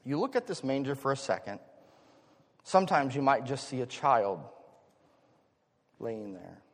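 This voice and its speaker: A middle-aged man preaching a sermon as pastor, dropping to a hush and then rising loud in an expressive delivery. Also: medium pitch, moderate pace. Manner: expressive, swinging from hushed to loud. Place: church sanctuary. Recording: long reverb of a hall.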